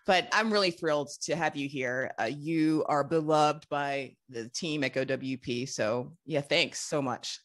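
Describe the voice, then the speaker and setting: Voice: medium pitch, measured pace, few pauses, a bit bright. A podcast host interviewing a guest in a playful, casual way, laughing often.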